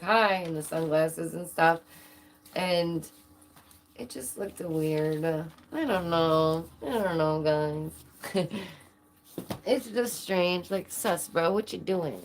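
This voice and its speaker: On her own channel, a young adult host keeps up a casual, playful livestream chat with viewers, full of giggles. Her voice sits low, with slight background noise behind it.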